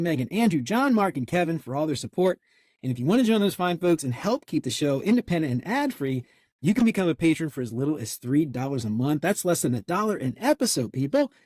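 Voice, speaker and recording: A man's voice: high voice, darkish tone, dry recording, studio quality. A man hosting his podcast in a casual, enthusiastic, gushing way. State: out of breath. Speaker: podcast host.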